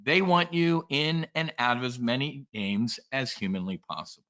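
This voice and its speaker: A man giving an energetic, joking trading presentation and addressing the room directly. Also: medium pitch, normal speed. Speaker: trading educator. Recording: dull lo-fi sound.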